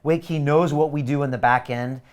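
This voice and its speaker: Urgent, fired-up man pitching a course. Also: normal speed. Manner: energetic, urgent, pushy and emphatic. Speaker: webinar host selling a course. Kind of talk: live webinar sales pitch.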